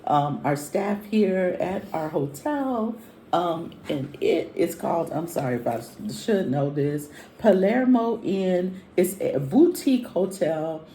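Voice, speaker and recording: A woman's voice: lowish voice, animated, takes it slowly, dark tone, slight background noise. A woman co-hosting a vlog, telling travel stories in a chatty, rambling way with many fillers. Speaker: vlog co-host. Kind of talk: casual chat. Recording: echoey room.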